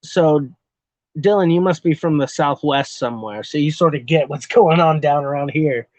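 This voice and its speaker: A man's voice: on the high side, normal speed, darkish tone, no room sound. A man from Texas chatting casually on a live stream, answering his chat in a loose, rambling way, swearing a lot and laughing often.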